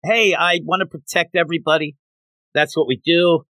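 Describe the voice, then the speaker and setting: A man's voice: a little high, fairly even intonation, moderate pace, bright, forceful tone, dry recording, voice pushed up. A man voicing a showy, boastful male warrior who declaims proudly about protecting everyone.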